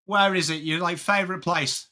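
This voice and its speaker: A man's voice: high-pitched, steady tone, moderate pace, sharp tone. An English man hosting a casual live sports watchalong, chatting with viewers and greeting them by name. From England. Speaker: livestream host.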